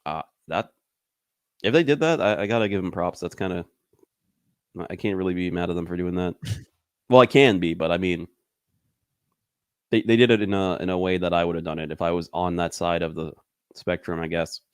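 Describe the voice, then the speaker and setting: A man's voice: low-pitched, moderate pace, long pauses, smooth, dry recording, studio quality. A man in casual conversation, talking loosely with lots of fillers and frequent laughs. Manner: loose and rambling, heavy on fillers, laughs often. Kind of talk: casual chat.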